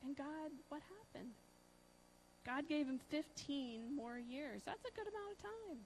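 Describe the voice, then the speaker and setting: A woman preaching a conversational sermon, asking her listeners questions and using many fillers. She swings between loud emphasis and soft, hushed lines. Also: sits high, expressive, a little slow, a little hiss or hum, low-quality recording. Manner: chatty, asks the audience questions, many fillers.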